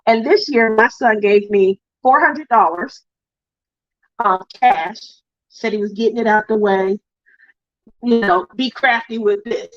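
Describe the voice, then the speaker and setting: A woman's voice: mid-range voice, measured pace, no room sound, dull audio. A middle-aged woman hosting a crafting livestream, telling a heartfelt family story in a chatty, emotional way. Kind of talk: casual chat reading viewer comments.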